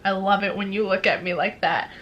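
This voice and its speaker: A woman quietly reading lines as a tender, wistful male fae lord. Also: mid-range voice, fairly even intonation, brisk, muffled recording, slight background noise, pitched below the performer's own voice, natural voice. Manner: soft, hushed reading.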